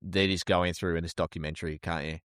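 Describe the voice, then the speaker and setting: Deep-voiced man reacting in podcast chat. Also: level tone, fast talker, a bit bright, clean tone, dry recording, clean studio sound. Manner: reactive, joking, swears casually. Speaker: podcast co-host. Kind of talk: casual true-crime podcast chat.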